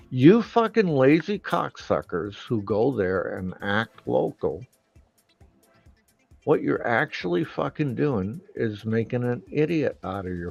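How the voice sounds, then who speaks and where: Angry live-stream host, slow-talking with a gravelly voice, cursing nonstop. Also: male voice, mid-range voice, highs cut off. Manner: angry, swearing constantly, loud outbursts. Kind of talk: profane ranting monologue.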